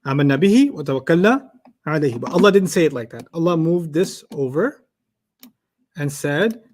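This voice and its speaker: A man teaching an Arabic lesson to a class, explaining word order with lively made-up examples and questions to the students. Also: a little high, quick pace, slight background noise. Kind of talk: classroom lecture.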